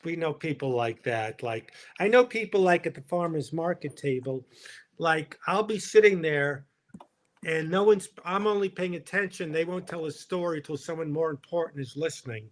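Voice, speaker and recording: A man's voice: on the high side, animated, moderate pace. A man co-hosting a live comedy stream in casual chat, laughing often and restarting his sentences.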